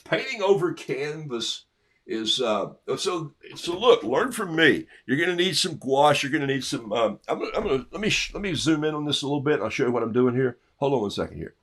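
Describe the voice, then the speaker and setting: A middle-aged artist paints on a livestream, chatting through each brushstroke and laughing at his own jokes despite having a cough today. His mid-range, fairly bright voice is lively in intonation and fairly quick.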